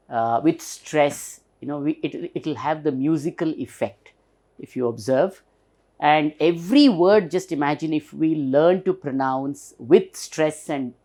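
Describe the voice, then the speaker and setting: Slow Indian English teacher, man. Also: a little high, a little mellow. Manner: slow, repeats example words several times; stretches and stresses the demonstrated words. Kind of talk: recorded classroom lesson.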